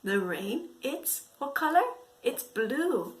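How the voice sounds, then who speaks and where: A woman teaching to preschool children through a story, speaking in an exaggerated, expressive way with gasps and whispered asides. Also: high-pitched, slow. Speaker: English teacher for young children.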